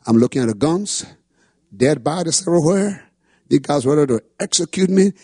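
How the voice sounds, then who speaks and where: Male pastor, husky tenor, fervent sermon delivery, dry close sound. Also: on the high side, lively intonation, normal speed, dry recording. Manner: impassioned preaching, rising to shouts. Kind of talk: sermon testimony.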